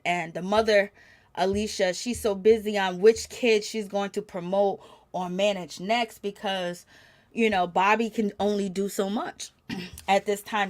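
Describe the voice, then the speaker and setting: A woman giving a chatty, gossipy recap of a reality show, growing animated when she quotes the people in it. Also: medium pitch. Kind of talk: casual recap commentary.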